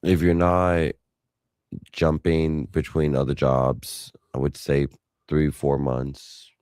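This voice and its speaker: A man's voice: extremely low pitch, level tone, takes it slowly, a little mellow, smooth, no echo, studio quality. A man co-hosting a podcast who mostly gives short reactions and brief answers in casual chat. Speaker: podcast co-host.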